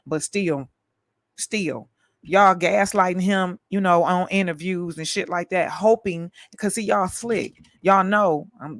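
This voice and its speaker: A tired woman hosting a live stream, delivering a fiery, profane rant full of rapid-fire repetition. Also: on the low side, dry recording.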